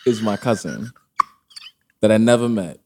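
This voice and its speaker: A man's voice: on the low side, unhurried. Candid man telling a wild story. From Brooklyn, New York family roots. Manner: candid, animated storytelling with quoted dialogue and profanity. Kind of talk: casual storytelling chat.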